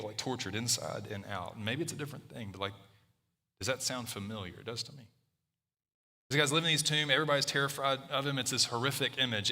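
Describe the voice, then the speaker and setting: A man's voice: mid-range voice, bright, forceful tone, long reverb tail. A man preaching a sermon in a loose, conversational way, often restarting his sentences and using filler words. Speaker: pastor.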